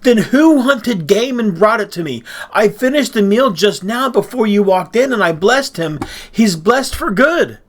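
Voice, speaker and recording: A man's voice: fairly high pitch, expressive, slow pace, a bit bright, exaggerated voice. A man reading aloud and voicing an old blind father who questions anxiously in a raised voice. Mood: distressed.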